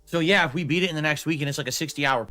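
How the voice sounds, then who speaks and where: Bright-voiced man making stream announcements. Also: fairly high pitch, rapid-fire, soft background music. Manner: rambling, clears throat often. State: stuffy, ticklish throat.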